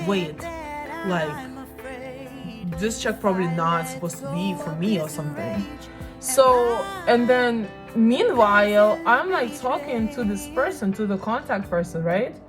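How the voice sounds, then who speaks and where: Rambling young woman vlogger over music. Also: mid-range voice. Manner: chatty, rambling, self-mocking. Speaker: beauty vlogger. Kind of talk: casual storytelling while doing makeup.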